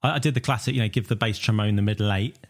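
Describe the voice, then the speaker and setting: A man's voice: fairly low pitch, rapid-fire. A man who arranges for the band, talking casually and easily, laughing and humming tunes. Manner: easygoing, laughs often, hums tunes. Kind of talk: casual chat.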